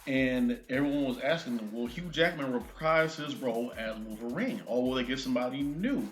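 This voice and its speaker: A man hosting a casual movie news vlog, reading an article aloud and breaking off with excited asides. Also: medium pitch, normal speed, faint music behind. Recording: roomy echo.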